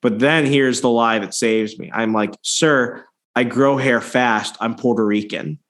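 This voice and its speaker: Casting: male podcast host, mid-pitched voice, rambling profane anecdotes, lots of false starts. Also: fairly even intonation, unhurried, a bit bright. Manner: loose, profane storytelling with many restarts. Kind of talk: casual podcast chat.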